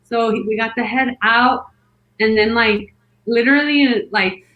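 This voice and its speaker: A woman's voice: fairly high pitch, measured pace, a bit bright, echoey room, dull audio. A woman casually telling a long personal story, rambling and filling it with "like" as she acts out what others said. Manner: rambling, many "like" fillers, acts out quotes. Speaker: podcast guest telling her birth story.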